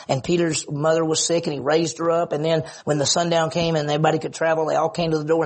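A man's voice: fairly high pitch, slightly rough. A middle-aged man, preaching a sermon as a pastor in an earnest way. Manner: earnest, shifts into acted quotes.

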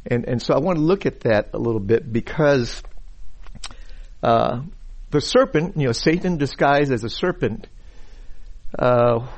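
A man gives a sermon-style Bible teaching at a mid-range pitch. His speech is full of repeated words and restarts, and he presses hard on the words he wants to stress. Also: a little slow. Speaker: preacher teaching scripture. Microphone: uses a pointer and slides.

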